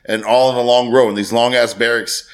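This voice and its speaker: A man's voice: mid-range voice, steady tone, a little fast. A man hosting a podcast, telling a story casually and swearing freely. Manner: swears freely, acts out quoted voices. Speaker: podcast host.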